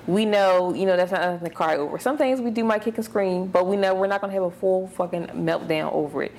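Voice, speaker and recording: A woman in her late twenties co-hosting a casual chat, rambling and relaxed with lots of fillers. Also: lowish voice, fast. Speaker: podcast co-host.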